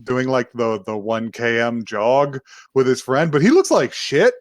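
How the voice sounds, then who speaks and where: A man's voice: medium pitch, lively intonation, unhurried, no room sound, clean studio sound. A man co-hosting a podcast, rambling through an anime recap with lots of laughs and little acted-out voices. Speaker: podcast co-host. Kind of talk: casual chat recapping an anime.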